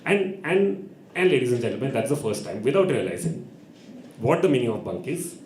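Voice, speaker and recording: A man's voice: medium pitch, brisk. Young man telling a comic story. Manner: animated, acts out voices of people in his story. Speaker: open mic performer and host. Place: performance venue. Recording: echoey room with background noise.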